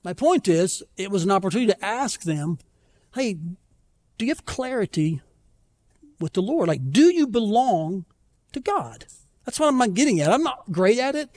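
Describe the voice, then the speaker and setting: A man preaching a conversational sermon as pastor, telling stories with self-deprecating humor and slowing down to plead earnestly. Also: high voice, sing-song, darkish tone. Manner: conversational storytelling, self-deprecating, pleading slowly at key points. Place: church.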